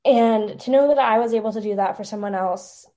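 A young woman, a podcast guest, telling an emotional personal story in a halting, tearful way with many fillers. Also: on the high side, mellow.

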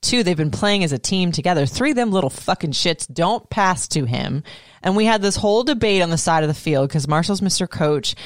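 A woman in her thirties, co-hosting a casual chat, animated and swearing freely. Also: on the low side, fairly quick, no room sound, clean studio sound. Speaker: podcast co-host.

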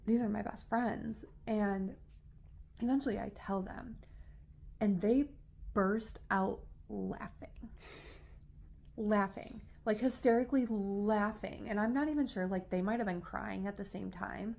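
Gravelly woman telling a story. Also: mid-range voice, unhurried. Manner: animated, frequent "like" fillers, rising into excited retelling. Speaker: podcast co-host. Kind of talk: casual storytelling chat.

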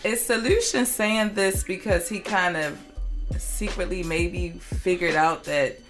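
Lively woman with a Baltimore accent. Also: on the low side, measured pace, soft background music. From Baltimore, USA. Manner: lively, talks to listeners directly. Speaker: podcast guest. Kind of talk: casual chat.

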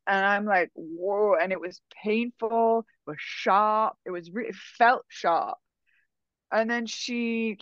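A woman speaks in a loose, animated storytelling way, scattering "like" and "um" through her sentences. Her voice sits at a middling pitch and sounds close and dry with little room sound. The audio is a bit dull and lo-fi. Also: dry recording. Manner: animated, frequent "like" and "um" fillers. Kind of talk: casual storytelling.

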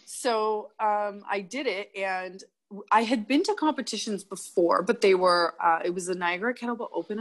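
Lively young woman telling a story. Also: medium pitch. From Canada. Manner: animated storyteller, acts out quotes, laughs often. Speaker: guest, kettlebell athlete. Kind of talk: casual interview chat.

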